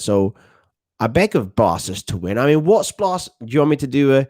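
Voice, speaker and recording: His mid-range voice has a sing-song lilt and a darkish tone, moving at normal speed. He's a London-accented man in his thirties giving relaxed, self-assured live-stream commentary over a football watchalong, reading chat aloud.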